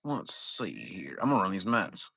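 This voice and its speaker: A man running a card break stream, talking loose and rambling with plenty of cursing. His voice is bright and forward, and it sounds dry and close with hardly any room around it. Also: deep voice, wildly swooping pitch, moderate pace, creaky, husky, no echo. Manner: rambling, profane, laid-back. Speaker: trading card break seller. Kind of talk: casual livestream chat.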